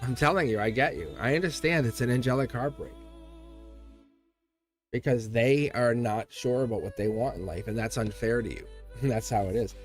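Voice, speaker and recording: A man's voice: medium pitch, normal speed, soft background music. A man giving a casual live-stream tarot reading. He talks in a chatty, emphatic, reassuring way and laughs often between phrases.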